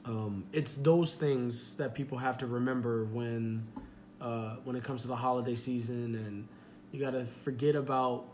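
A man's voice: medium pitch, fairly even intonation, moderate pace, a little mellow, a little hiss or hum. A young man hosting a podcast in casual chat, rambling with many fillers and laughing easily. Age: young adult. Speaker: podcast host.

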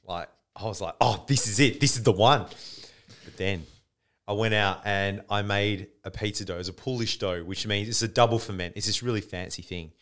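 A man's voice: fairly low pitch, moderate pace, fairly bright tone. A man co-hosting a podcast, telling stories in a casual chat, laughing a lot and saying "mate" constantly. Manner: laughs a lot, tells stories, says mate all the time. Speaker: podcast co-host. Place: studio.

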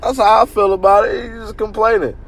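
Profane, animated man telling a story. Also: sits high, brisk. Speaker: podcast host. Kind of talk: casual storytelling.

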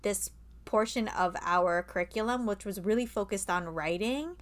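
A woman's voice: mid-range voice, moderate pace. A woman co-hosting a podcast in casual chat, talking freely with lots of fillers and the odd swear word. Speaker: podcast co-host.

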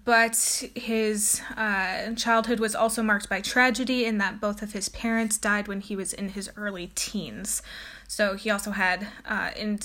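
In a casual lecture on a poet, a female teacher reads a poem out loud and often fills gaps with ums and uhs. Her voice sits in the mid range and sounds fairly bright.

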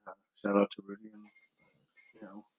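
A man's voice: brisk, dull audio. A man co-hosting a podcast in casual chat, laid-back and rambling with many fillers. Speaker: podcast co-host.

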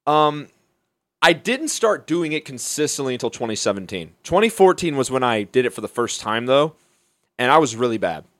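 Through a studio microphone with clean, echo-free sound, a young comedian on a podcast spins rambling, profane stories, often restarting and laughing. His medium-pitched voice is sing-song and fairly bright, moving at a moderate pace.

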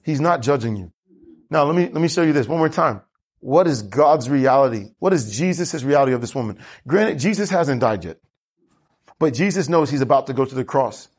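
A man preaching a lively sermon as pastor, asking the congregation questions and drawing answers back. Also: medium pitch, a little fast, husky. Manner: animated preaching with congregation call-and-response.

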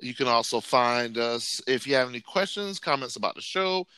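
A man's voice: medium pitch, animated, normal speed, sharp tone, smooth, dry recording. A man co-hosting a casual sports podcast, laughing often and spelling out his social media handles. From United States. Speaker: podcast co-host.

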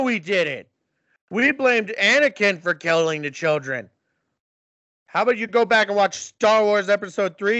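A man's voice: sits high, bright, forceful tone, dry recording. Podcast co-host, man, raised voice, crude mocking rant, dull dry lo-fi recording. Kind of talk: casual movie recap.

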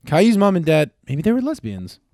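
A man co-hosting a casual podcast, bantering with lots of swearing and excitable outbursts. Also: a little high, brisk, dry recording, studio quality. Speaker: podcast co-host. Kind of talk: casual chat.

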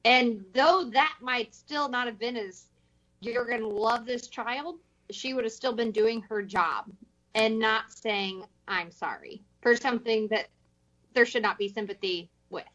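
Woman, co-host, reflective, explains at length, slightly high voice, dull audio. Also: measured pace, a bit bright. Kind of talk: casual chat.

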